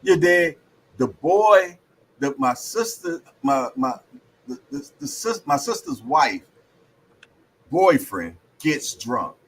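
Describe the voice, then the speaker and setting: A man's voice: fairly high pitch, big pitch swings, slow, a bit bright, slightly rough, low-quality recording. A middle-aged man hosting a casual hangout show, joking loosely in slang and telling stories with frequent laughs. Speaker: host. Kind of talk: casual chat and storytelling.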